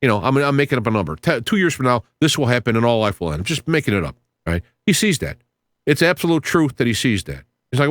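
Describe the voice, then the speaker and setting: A man's voice: quick pace, no room sound. Earnest rambling man on a dry mic. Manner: rambling, restarts phrases, reads Bible passages aloud; earnest, sudden rises in pitch when excited. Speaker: podcast host. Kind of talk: casual talk on scripture.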